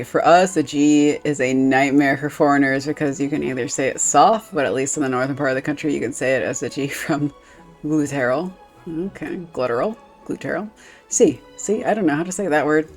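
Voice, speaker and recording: A woman's voice: deep voice, fairly quick, soft background music. Casual, cussing woman streamer. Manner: rambling, swears freely, lots of "like" and "um". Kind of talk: casual game-stream chat.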